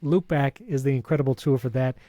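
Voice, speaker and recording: A man's voice: medium pitch, fairly even intonation, mellow, no room sound. A man co-hosting a tech podcast, chatting casually and reading a sponsor spot with enthusiasm. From Hispanic background. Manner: enthusiastic, reads sponsor spots with quick asides. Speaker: podcast co-host.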